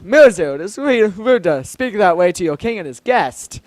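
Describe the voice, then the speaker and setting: A man voicing an earnest young male fish-folk prince who speaks briskly and reprovingly. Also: high-pitched, animated, no echo, soft background music.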